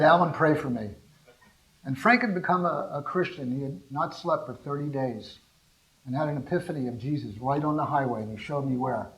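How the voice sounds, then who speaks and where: An older man from California giving a talk, telling rambling, animated anecdotes and asking the audience questions. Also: mid-range voice, low-quality recording. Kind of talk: storytelling talk to a small audience.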